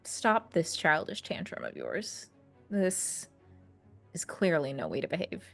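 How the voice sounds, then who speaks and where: A woman's voice: mid-range voice, very animated, gravelly, soft background music, pitched above the performer's own voice, heavily acted. Woman doing a condescending icy matriarch. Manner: condescending, measured. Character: cold, condescending older female villain.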